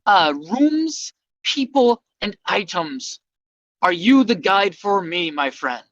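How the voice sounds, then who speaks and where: A courtly adventurer who speaks in grand, formal phrases, as a player puts him on. His tone is bright and forward. The sound is dry and close. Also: mid-range voice, very animated, takes it slowly, dry recording, lo-fi sound. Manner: grand, old-fashioned speech.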